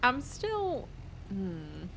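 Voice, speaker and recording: A woman's voice: fairly high pitch, wildly swooping pitch, drawn-out words, gravelly, a bit bright, slight background noise. A young woman streaming a roleplay game, chatting casually in a laid-back, profane way, and sounding sleepy and worn out. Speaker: livestreamer playing a roleplay game.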